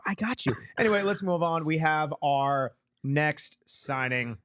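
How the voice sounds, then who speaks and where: A man's voice: a little high, lively intonation, measured pace, a bit bright, no room sound, studio quality. A man hosting a casual sports talk show, reading an ad with hammy enthusiasm and teasing his co-hosts. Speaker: podcast host. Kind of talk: casual sports chat with live ad read.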